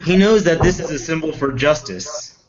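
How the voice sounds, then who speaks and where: Guy game-mastering a tabletop game, fairly high voice, lots of uhs, dull lo-fi audio. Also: lively intonation, normal speed, crowd noise. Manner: hesitant, with many fillers and restarts. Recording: dull lo-fi recording.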